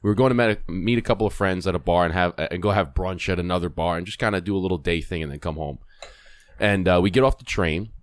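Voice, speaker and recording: A podcast host tells a long anecdote in a loose, animated way, swearing and restarting his sentences. His voice is low and the sound is dry and close. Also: quick pace, no echo. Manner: animated, profane, storytelling with rambling restarts. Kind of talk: casual podcast storytelling.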